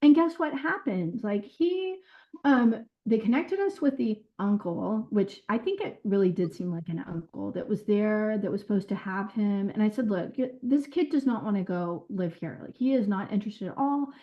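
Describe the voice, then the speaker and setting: A woman who was a caseworker, telling her experiences in an interview in an earnest, animated way with quoted dialogue. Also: medium pitch, normal speed. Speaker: former caseworker. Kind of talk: recounting stories in an interview. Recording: dull lo-fi sound.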